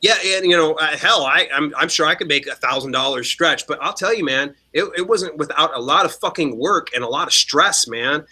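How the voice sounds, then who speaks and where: A man's voice: on the high side, brisk, few pauses, pushed and bright, husky. A man co-hosting a casual podcast, telling stories animatedly with lots of swearing and mimicked quotes. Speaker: podcast co-host.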